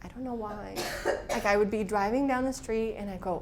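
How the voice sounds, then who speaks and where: Woman workshop leader, mid-pitched, frank and conversational, faint hiss behind. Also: moderate pace. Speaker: workshop instructor. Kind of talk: classroom talk with personal stories.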